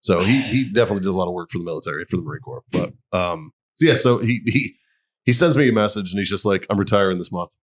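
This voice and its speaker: Dude cohosting a podcast, low voice, swears a lot, laughs a ton. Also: male voice, fast talker. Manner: profane storytelling with frequent laughs. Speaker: podcast co-host. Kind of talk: casual chat.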